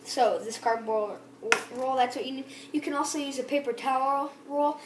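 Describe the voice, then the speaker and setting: A woman's voice: high voice, normal speed, echoey room, background noise. A young female vlogger chatting through a how-to video at home, rambling with ums and restarts. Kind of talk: casual how-to vlog. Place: house, bathroom.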